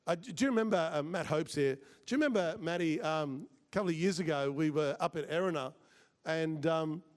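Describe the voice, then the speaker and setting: A man with a fairly high voice gives a story-driven talk to a business group. He speaks loosely, with many fillers and restarts, and jumps sharply upward whenever he acts out what someone said. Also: brisk. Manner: animated, acts out quoted voices with big pitch jumps.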